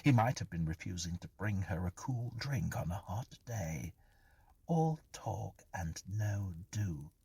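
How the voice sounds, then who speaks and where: A man narrating a horror story in a hushed, breathy, half-whispered delivery. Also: low voice, expressive, slow, no echo.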